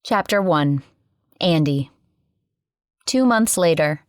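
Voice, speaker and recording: A woman's voice: fairly low pitch, lively intonation, slow pace, a little mellow, clear, resonant tone, no room sound. A woman narrating a first-person audiobook with sardonic, wry asides, recorded on a close studio mic.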